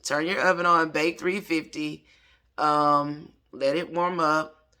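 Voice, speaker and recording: A man's voice: fairly high pitch, fairly even intonation, takes it slowly, sharp tone. A man in his late thirties, a chef, casually walking through an old cookbook recipe and talking back to its author. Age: 30s. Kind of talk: casual cooking lesson.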